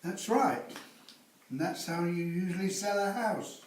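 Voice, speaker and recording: A man's voice: high voice, lively intonation, unhurried. A man teaching a sales class, lecturing with teasing rhetorical tag questions. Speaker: sales instructor. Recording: roomy, from a distance.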